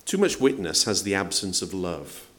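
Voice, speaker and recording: A pastor preaches conversationally in a low, fairly bright voice with big pitch swings at normal speed. He asks the congregation questions and acts out quotes.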